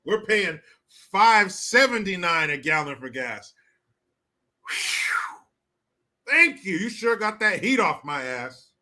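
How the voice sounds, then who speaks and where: Sarcastic high-voiced man ranting slowly. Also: animated, pushed and bright. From California. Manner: sarcastic, profane, mocking. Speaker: live stream host. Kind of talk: ranting commentary live stream.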